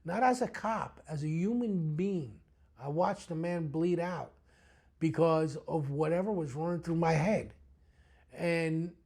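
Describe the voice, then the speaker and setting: A man's voice: on the high side, creaky. A middle-aged man with a New York accent, a retired police detective telling blunt, profane stories in an interview. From the Bronx, New York. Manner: blunt, profane, animated street-tough storyteller. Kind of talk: storytelling interview talk.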